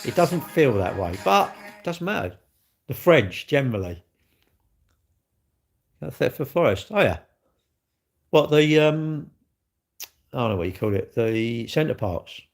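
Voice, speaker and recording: Gravelly-voiced man rambling on a live stream. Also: mid-range voice, big pitch swings, a little slow, pauses often. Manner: rambling, chatty, reads and answers viewer comments. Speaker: livestreamer and car dealer. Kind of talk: casual live stream chat. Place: at work, indoors.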